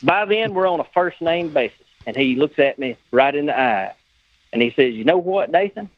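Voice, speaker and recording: A man's voice: medium pitch, normal speed, no room sound, highs cut off. A man telling a long anecdote in casual chat, acting out the dialogue of the people in it. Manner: animated anecdote teller acting out quoted dialogue. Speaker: guest, custom car builder. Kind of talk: casual storytelling.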